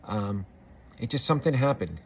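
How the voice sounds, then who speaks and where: A man's voice: mid-range voice, big pitch swings, moderate pace, slightly rough. A middle-aged man talking earnestly and reflectively to camera, rambling with many fillers and restarts. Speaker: vlogger. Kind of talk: personal reflective monologue.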